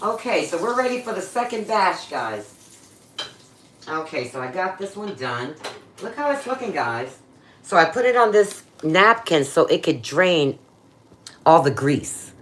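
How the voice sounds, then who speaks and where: Woman, livestream cooking host, chatty and playful, very animated pitch, phone mic in a home kitchen. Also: a little slow, slight background noise. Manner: chatty and playful, talks straight to her viewers, Southern slang. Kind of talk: casual livestream chat while cooking.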